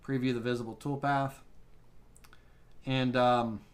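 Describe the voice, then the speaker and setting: A man teaching a live CNC software tutorial, thinking aloud with restarts as he works through settings. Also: medium pitch, little pitch movement, unhurried. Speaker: woodworking CNC instructor.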